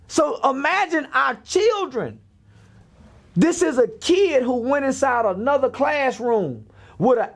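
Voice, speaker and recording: Gravelly guy going off in a podcast interview, voice jumping all over, blunt and preachy. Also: very high-pitched. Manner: blunt, preachy, fires off rhetorical questions. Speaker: interview guest.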